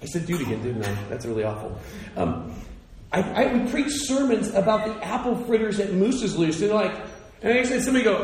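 A man preaching in a church hall, his high voice leaping up and down with lively energy. He jokes with the congregation and talks straight to them. The sound carries a heavy echo, with faint room noise underneath. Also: fairly quick. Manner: animated, playful, talks directly to listeners. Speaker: pastor. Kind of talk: sermon.

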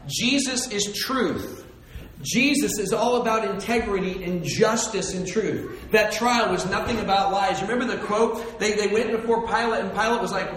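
High-voiced preacher in an echoey hall. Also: male voice, normal speed. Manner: animated storytelling, swings between loud and hushed. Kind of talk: sermon. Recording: echoey hall, distant mic.

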